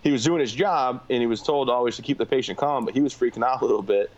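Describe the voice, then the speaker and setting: A man's voice: medium pitch, dull audio. A man, a combat veteran guest, telling his story candidly in a plain-spoken way. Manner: fast, plain-spoken, filler-heavy.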